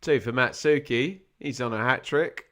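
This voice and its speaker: This watch-along stream features a man calling a football match live in a medium-pitched voice at normal speed. He keeps up a chatty flow with dry asides, growing excited at each opportunity.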